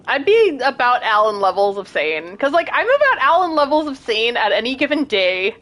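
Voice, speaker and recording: A young woman streaming a game, chatting casually and self-deprecatingly, with bursts of excited squeals. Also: a little high, normal speed. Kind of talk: casual gameplay commentary.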